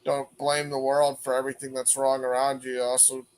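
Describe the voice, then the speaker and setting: A man hosting a panel and giving calm, faith-based advice, often calling people "man". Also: mid-range voice, moderate pace, smooth, rough recording. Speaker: panel host.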